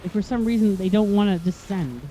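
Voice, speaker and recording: Hoarse, frustrated let's-play commentator. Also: mid-range voice, brisk, dark tone, a little hiss or hum. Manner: easily frustrated, swearing and complaining at the game. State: hoarse, voice going. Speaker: video game let's-play host. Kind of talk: gameplay commentary.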